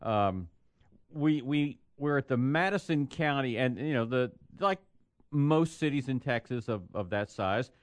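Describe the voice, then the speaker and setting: Male radio host, rambling anecdotes, lively pitch, dry booth mic. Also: unhurried, no room sound. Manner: rambling storyteller with restarts. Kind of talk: casual morning radio chat. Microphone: studio microphone.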